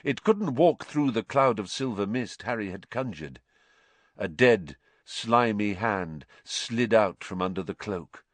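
A man narrating a story in a measured, dramatic way. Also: fairly low pitch, lively intonation, no echo. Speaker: audiobook narrator.

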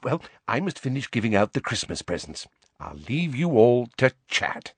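A man voicing a fussy, motherly middle-aged female healer who coos and speaks softly. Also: mid-range voice, big pitch swings, moderate pace, breathy edge, dry recording. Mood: hushed. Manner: cooing, soft, fond.

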